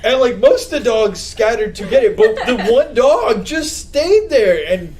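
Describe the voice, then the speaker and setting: A man co-hosting a podcast, telling a story in a casual chat, laughing and acting out quotes loudly. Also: extremely high pitch, sing-song, unhurried. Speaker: podcast co-host.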